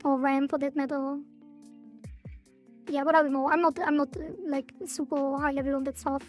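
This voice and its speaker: Casting: high-pitched woman dev streamer, casual and hedging, voice a little cracked, faint music underneath. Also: flat delivery, normal speed. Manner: thinks aloud, hedging, frequent laughs. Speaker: game developer streamer. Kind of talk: casual live-stream chat.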